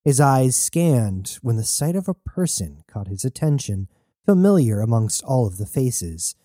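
A man reading a novel aloud as narrator in a steady storytelling manner. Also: mid-range voice, a little slow, no room sound, clean studio sound. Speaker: audiobook narrator. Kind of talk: scripted narration.

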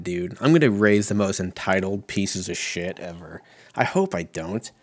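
A man's voice: sits low, moderate pace, no room sound. A man in his thirties hosting a casual solo podcast from home, rambling and swearing with a self-mocking manner. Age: 30s. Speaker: podcast host.

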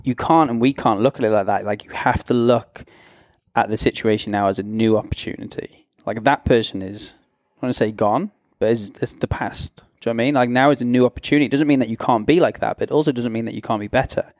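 A man's voice: medium pitch, quick pace, darkish tone, no echo, clean studio sound. A male coach in casual conversation, explaining his views in a reflective way. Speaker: coach, trainer.

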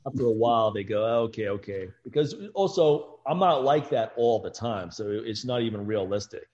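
A man chatting casually on a podcast, telling stories and slipping into loud impressions. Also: mid-range voice, normal speed, lo-fi sound. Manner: animated storyteller, jumps into loud impressions. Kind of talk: casual chat.

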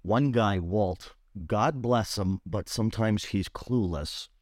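A man with a Rhode Island accent chats on a podcast in a lowish voice. He tells stories with a lot of animation and leaps up in pitch when he quotes others. The sound is dry and close to the mic. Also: slow pace, no room sound. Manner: animated storyteller, jumps high when quoting others. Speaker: podcast co-host. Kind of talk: casual chat.

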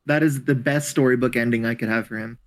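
A man speaking as a guest on a casual podcast, blunt and quick to swear. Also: medium pitch, steady tone. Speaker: podcast guest, tabletop player.

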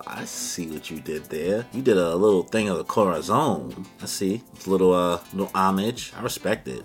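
A man hosting a casual comic chapter review from his home recording room, talking in a slangy, excitable way with sudden exclamations. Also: low-pitched, moderate pace, hardly any pauses, faint music behind. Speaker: manga chapter reviewer, channel host. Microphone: camera setup at home.

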